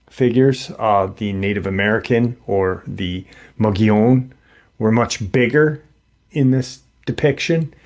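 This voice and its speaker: Slow, halting male storyteller. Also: mid-range voice, darkish tone. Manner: halting, many fillers and restarts; conversational, quotes others in plain voice. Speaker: paranormal storyteller. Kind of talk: retelling an encounter story.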